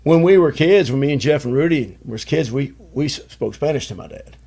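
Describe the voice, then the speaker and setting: A man's voice: mid-range voice, expressive, fairly quick, creaky, warm tone, breathy edge. A man in his sixties from Chicago, telling rambling stories as a podcast guest, with lots of "you know" fillers. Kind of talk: casual storytelling chat.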